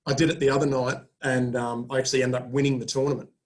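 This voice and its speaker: Flat-voiced man telling a poker story. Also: medium pitch, quick pace. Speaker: poker group member. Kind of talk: casual chat on a video call. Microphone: video call.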